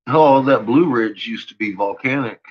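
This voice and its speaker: Husky guy rambling to his chat, swears a lot, kinda muffled dull audio. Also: medium pitch, normal speed. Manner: rambling, profane, laughs often. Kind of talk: casual chat with viewers.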